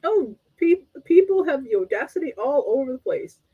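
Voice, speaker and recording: A woman's voice: sits high, very animated, moderate pace, narrow, tinny audio. A woman from Canada co-hosting a relationship talk show as a coach, wry and politely blunt, often laughing. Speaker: co-host and coach.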